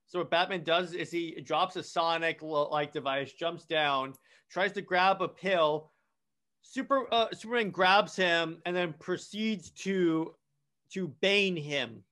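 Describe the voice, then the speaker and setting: A man's voice: a little high, a little slow, sharp tone. A man casually retelling a comic storyline, rambling with many restarts and false starts. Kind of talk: casual comic plot recap.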